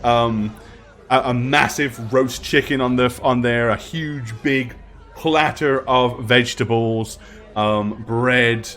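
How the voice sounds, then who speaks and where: A man narrating as dungeon master in a tabletop game, describing scenes in detail with many pauses and ums. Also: mid-range voice, steady tone, fairly bright tone.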